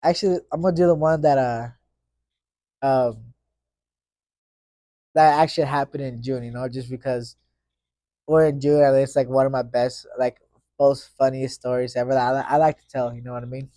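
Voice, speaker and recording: A man's voice: medium pitch, fairly even intonation, normal speed, pauses often, warm tone, dry recording, clean studio sound. A young man hosting his own podcast, telling a casual story full of slang and constant fillers. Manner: slangy, rambling, full of fillers like "you know what I mean". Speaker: podcast host.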